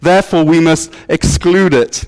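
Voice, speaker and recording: A man's voice: fairly high pitch, a little slow, darkish tone. A man preaching a sermon as pastor, in a playful, joking storytelling manner. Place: church.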